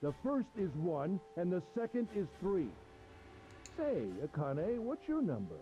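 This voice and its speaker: A man's voice: high-pitched, very animated, measured pace, warm tone, highs cut off, voice pushed up. A man voicing a cruel, mocking male villain who taunts his captive in a theatrical way. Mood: gloating, mocking.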